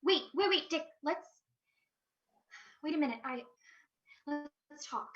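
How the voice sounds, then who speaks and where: Young actress as a high-voiced, torn college girl, slow and pleading, dull lo-fi radio play. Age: young adult. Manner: pleading, hesitant, emotional. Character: young female university student, anxious and torn. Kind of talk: amateur radio drama acting.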